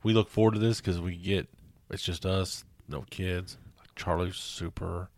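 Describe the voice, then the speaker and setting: A man's voice: sits low, steady tone, moderate pace, a little mellow, dry recording. A man co-hosting a podcast in casual chat, laid-back with brief replies. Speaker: podcast co-host.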